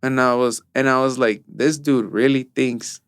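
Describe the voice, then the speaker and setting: A man's voice: mid-range voice, steady tone, measured pace, smooth, dry recording. A young man co-hosting a casual podcast, telling work stories and mixing in Spanish phrases. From Mexico. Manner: storytelling, mixes in Spanish phrases. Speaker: podcast co-host. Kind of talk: casual chat.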